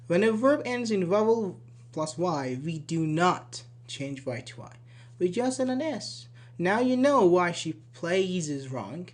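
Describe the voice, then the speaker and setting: A man teaching English spelling rules from slides, with Persian as his first language, repeating word pairs and checking in with "okay" and "uh-huh". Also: high-pitched. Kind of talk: slide-based grammar lesson.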